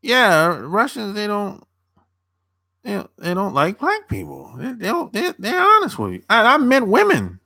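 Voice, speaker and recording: A man's voice: sits high, wildly swooping pitch, a little slow, gravelly, pushed and bright, slightly rough, no room sound, studio quality. A young man chatting loosely on a live stream, answering viewers as a dating coach, rambling and repeating himself with casual swearing.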